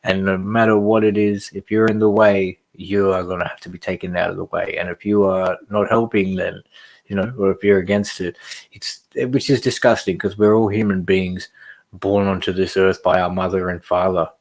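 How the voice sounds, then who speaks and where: Fired-up man, low voice. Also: little pitch movement, normal speed. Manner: passionate, rambling, fired-up. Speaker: podcast host. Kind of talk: casual commentary reading news aloud.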